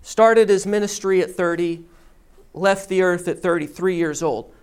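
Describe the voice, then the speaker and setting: Slow, deliberate preacher. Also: medium pitch, clean tone. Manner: deliberate storytelling. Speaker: pastor. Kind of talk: sermon.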